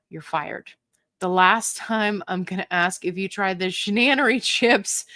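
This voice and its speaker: A woman's voice: mid-range voice, a little slow, pushed and bright, no room sound, clean studio sound. A woman hosting a casual live Q&A stream, reading viewer comments aloud in a chatty, playful and self-mocking way, laughing often. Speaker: livestream host.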